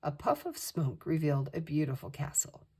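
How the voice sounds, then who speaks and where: An older woman, a grandmother, reading a children's picture book aloud with expressive storytelling. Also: low voice, moderate pace, breathy edge. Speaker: storytime reader.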